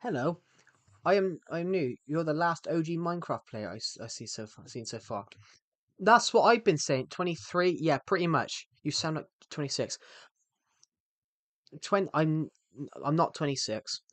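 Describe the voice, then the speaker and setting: Answering comments from viewers mid-game, this chatty, rambling young British man, in his twenties, speaks at a normal speed in a slightly high, lively, somewhat bright voice. There's no room sound, though music plays in the background.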